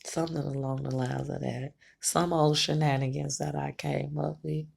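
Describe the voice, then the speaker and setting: A woman who does tarot vlogs talks candidly to the camera, chatty and frank, swearing freely and laughing between thoughts. Her low, flat-pitched voice moves at a moderate pace and has vocal fry, a darkish tone, and a breathy edge.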